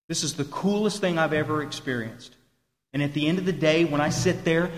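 A man's voice: high-pitched, a bit bright. A man giving a heartfelt talk as guest speaker at a recovery meeting, earnest and repeating phrases for emphasis. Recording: echoey hall, roomy long reverb.

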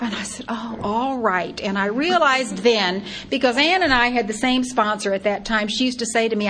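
Older woman, lively storytelling testimony. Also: fairly high pitch, moderate pace, few pauses, a little hiss or hum. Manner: lively, acts out her own past thoughts in quotes. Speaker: speaker sharing her recovery story.

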